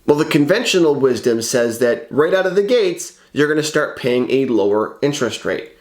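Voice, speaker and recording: A man's voice: mid-range voice, expressive, moderate pace, a little mellow. A man working as a mortgage broker, talking in a confident, persuasive way in a scripted explainer video. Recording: roomy echo, faint background music.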